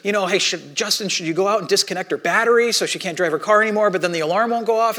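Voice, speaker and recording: This man's voice sits high and comes rapid-fire with few pauses. He's a pastor in his thirties preaching a sermon through chatty, animated stories, performing the quoted voices of his characters and frequently starting his thoughts over.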